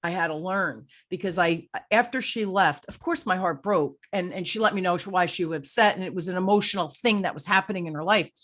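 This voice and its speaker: A woman's voice: lowish voice, fairly quick, few pauses, a bit bright. A middle-aged woman hosting an interview show, telling a candid story and acting out her own thoughts. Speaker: podcast host. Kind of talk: conversational interview.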